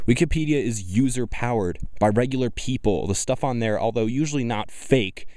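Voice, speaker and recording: Scornful man with a dry, dark voice. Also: mid-range voice, normal speed, no room sound. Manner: scornful, argumentative. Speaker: video commentator reacting to clips. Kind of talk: mocking reaction commentary.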